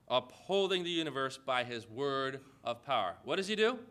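Bright-voiced man preaching a sermon. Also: mid-range voice, animated. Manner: asks the listeners direct rhetorical questions; emphatic, preacherly, with dramatic pauses. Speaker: pastor.

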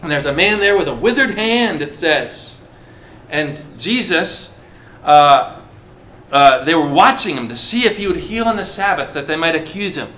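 Man, preacher, sermon, rhetorical questions, animated, high and bright voice. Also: moderate pace. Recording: roomy echo.

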